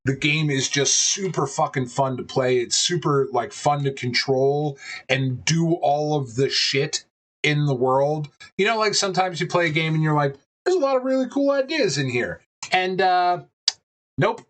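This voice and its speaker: A man co-hosting a casual podcast, animated and rambling, swearing often and filling pauses with ums. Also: on the high side. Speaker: podcast co-host. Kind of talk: casual chat.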